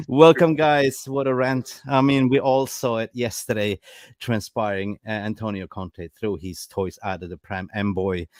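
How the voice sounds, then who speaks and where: A man's voice: lowish voice, steady tone, measured pace, no echo. A man hosting a football fan panel show, chatty and opinionated, full of "you know". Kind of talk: casual panel chat.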